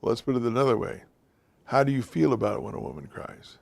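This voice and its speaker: A man's voice: mid-range voice, fast, creaky. A man giving an informal, direct talk to a class of men, speaking to them plainly as guys and fellas. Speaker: teacher of a men's class.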